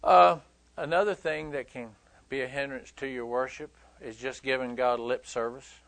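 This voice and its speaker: A man's voice: medium pitch, steady tone, normal speed, gravelly, fairly bright tone, dry recording. A male pastor preaching a sermon in a conversational, emphatic way, joking with his listeners.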